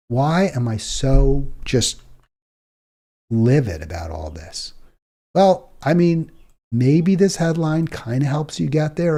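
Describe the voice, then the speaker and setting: A man's voice: a little high, warm tone. A man hosting a political talk show, delivering an indignant, exasperated monologue and stumbling over repeated words when worked up.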